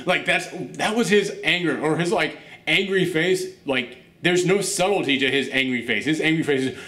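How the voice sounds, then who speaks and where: Male host, chatty and animated reaction talk, somewhat high, echoey room sound. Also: measured pace. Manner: animated, chatty, many fillers and laughs. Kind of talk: casual TV show reaction commentary.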